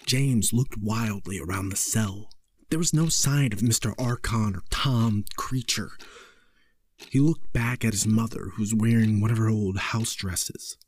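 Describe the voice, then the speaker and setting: A man narrating a horror story in a slow, measured way. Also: lowish voice, a little mellow, dry recording.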